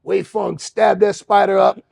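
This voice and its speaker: A man hosting a podcast, telling a story in an animated way and acting out other people's voices. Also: sits high, unhurried, creaky, no room sound. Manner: acts out other voices, shouting and laughing. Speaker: podcast host.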